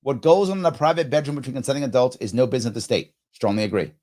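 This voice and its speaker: A middle-aged man hosting a live stream, thinking out loud as he answers quiz questions, often stopping to rephrase himself with a laugh. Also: medium pitch, rapid-fire. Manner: musing aloud, frequent self-interruptions and laughs. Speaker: show host.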